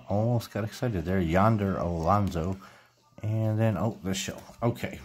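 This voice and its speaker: A man's voice: low-pitched, measured pace, a little mellow. A middle-aged man casually chatting while opening baseball card packs, reading out player names and tripping over a few. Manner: reads player names one after another, trips over names and corrects himself. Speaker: card collecting YouTuber.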